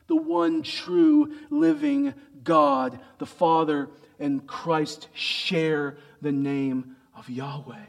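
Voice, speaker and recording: A man preaching a sermon, asking rhetorical questions and swinging between hushed, slow lines and loud, emphatic peaks. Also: a little high, expressive, vocal fry. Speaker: pastor.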